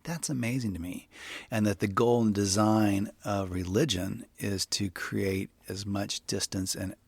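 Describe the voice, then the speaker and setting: A man with a low, gravelly voice and a husky edge, speaking reflectively into a close mic. He is a podcast co-host in a casual faith chat, often restarting his sentences. The sound is dry and close. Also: fairly even intonation, unhurried, no echo. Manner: reflective, trails off and restarts mid-thought.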